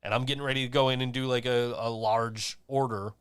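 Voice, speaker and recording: A man's voice: medium pitch, steady tone, brisk, clean tone, dry recording, clean studio sound. Rambling, profane male podcast host. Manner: rambling, profane, laughs often. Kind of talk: casual chat.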